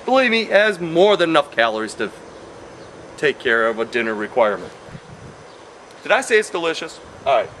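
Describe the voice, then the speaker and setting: A man's voice: on the high side, big pitch swings, brisk, pauses often, a bit bright, slight background noise. Playful man teaching science. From Wisconsin. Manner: playful, goes off on tangents, repeats points. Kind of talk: chatty classroom lesson.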